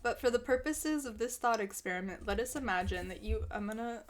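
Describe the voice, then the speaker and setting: Talking slightly fast in a somewhat high voice, this young woman chats through a rambling, self-deprecating vlog at home, heavy on fillers. She records on a desk mic with headphones, and a faint hiss or hum sits under her voice.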